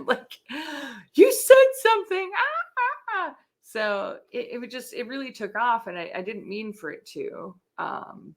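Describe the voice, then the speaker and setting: Speaking as an interview guest in a casual chat, a middle-aged woman shares her story with a medium-pitched, fairly bright voice. Her talk is frank and laid-back, full of swearing and peppered with "like."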